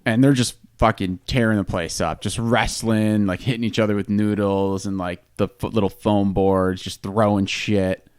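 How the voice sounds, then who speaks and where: A man's voice: fairly low pitch, fairly even intonation, normal speed, hardly any pauses, a little mellow, clean tone, no room sound, clean studio sound. Blunt sarcastic man telling a story. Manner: blunt, sarcastic, heavy swearing. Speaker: podcast co-host. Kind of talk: casual storytelling chat.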